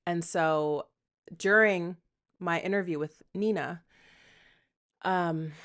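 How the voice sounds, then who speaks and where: A woman with a fairly low voice hosts her own podcast in an unscripted, rambling monologue. She is candid and self-deprecating, slips in casual swearing, and voices her inner thoughts aloud as quick asides. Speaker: podcast host.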